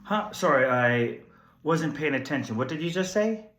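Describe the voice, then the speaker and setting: A man's voice: a little high, animated, moderate pace, a bit bright. Young man telling jokey stories, echoey. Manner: jokey, candid, self-deprecating. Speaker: stand-up comedian guest. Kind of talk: comedy sketch storytelling. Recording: roomy echo.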